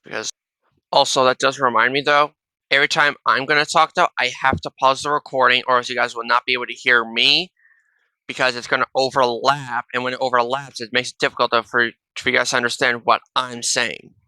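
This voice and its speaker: A man with a very bright, forceful voice chats casually to his viewers through a wireless headset. His tone is smooth and clear, and he rambles, restarting sentences and tagging "though" onto almost everything he says. The sound is close and dry. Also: medium pitch, little pitch movement, brisk, no echo. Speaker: reaction video host. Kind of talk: casual reaction commentary. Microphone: wireless gaming headset.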